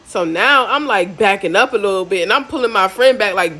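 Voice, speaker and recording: A woman's voice: medium pitch, lively intonation, brisk, hardly any pauses, a bit bright. A young woman telling a casual storytime from her time in prison, loose and slangy, with many fillers.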